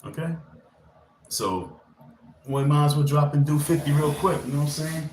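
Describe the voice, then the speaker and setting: A man's voice: a little high, normal speed, darkish tone. A man hosting a casual motivational live stream. He rambles through a loose, slangy pep talk. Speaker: livestreamer. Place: indoor room. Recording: echoey room with faint ambient noise.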